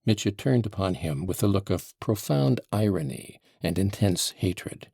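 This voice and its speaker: A man narrating a classic novel audiobook in an expressive storytelling manner. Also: low voice, measured pace, vocal fry, husky, dry recording.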